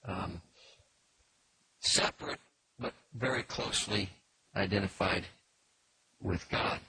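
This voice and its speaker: A man teaching through a Bible passage in a measured, explanatory way, pausing often with fillers. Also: sits low, pushed and bright. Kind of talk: expository Bible lesson. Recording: noisy recording with faint clicks.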